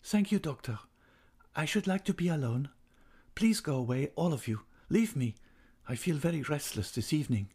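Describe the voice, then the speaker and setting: A man reads aloud and puts on a young opera singer just come round from a faint. The voice goes high and strained, restless and insistent. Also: animated, moderate pace, a little mellow, husky. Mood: agitated.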